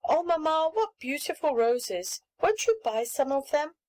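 A woman voicing an eager little girl of about seven who pleads for pretty things, speaking high and excited. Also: measured pace, low-quality recording.

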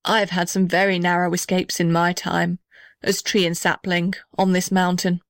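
A woman's voice: on the low side, flat delivery, normal speed, no echo, lightly acted. Storybook gum tree, old and serious, dry sound, read by a woman. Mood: grave. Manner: grave, matter-of-fact.

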